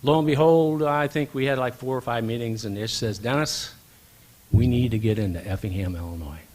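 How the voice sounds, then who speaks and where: A man's voice: medium pitch, a little fast, darkish tone. A man giving a speech at a banquet, telling an anecdote and acting out the dialogue. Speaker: banquet speaker. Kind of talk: storytelling speech. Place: event hall.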